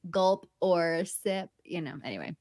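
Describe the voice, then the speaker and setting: A woman's voice: lowish voice, animated, a little slow, a little mellow, dry recording. Easygoing woman host, dry sound. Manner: easygoing, short replies, laughs along. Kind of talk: casual chat.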